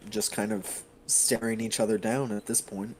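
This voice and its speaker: A man narrating as game master of a tabletop game, halting and full of fillers. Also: fairly low pitch, level tone, slight background noise.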